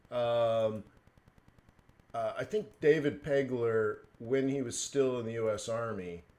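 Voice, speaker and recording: Hosting a live trading stream, this man has a mid-range, somewhat dark voice. His talk is casual chat, loose and full of fillers, with asides he laughs through.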